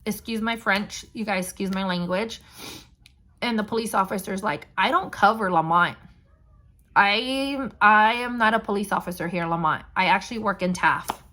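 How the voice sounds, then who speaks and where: A woman's voice: medium pitch, normal speed, bright, forceful tone. A young woman vlogger candidly retelling a painful personal story, blunt and emotional.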